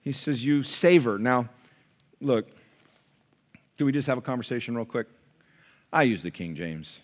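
A male pastor preaching a sermon, chatty and informal one moment, rising to impassioned, near-shouted preaching the next. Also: medium pitch, moderate pace, long pauses. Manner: conversational, building to impassioned shouting.

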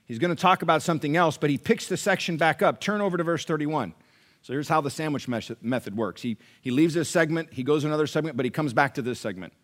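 A male pastor preaching a sermon, animated and questioning the congregation directly. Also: a little high, fast.

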